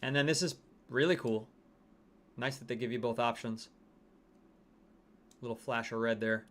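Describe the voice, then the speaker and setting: Speaking at normal speed in a mid-range voice with a fairly bright tone, a livestream host chats casually over a game. He reads viewer comments aloud and reacts to skins and the chat.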